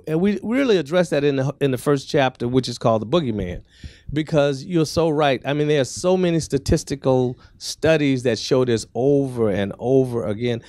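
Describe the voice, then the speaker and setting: A man who co-wrote the book jumps in to add points, halting and repeating words as he works toward them. His pitch is average, and the recording is dry and close. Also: darkish tone, no echo. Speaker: co-author. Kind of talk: book talk Q&A.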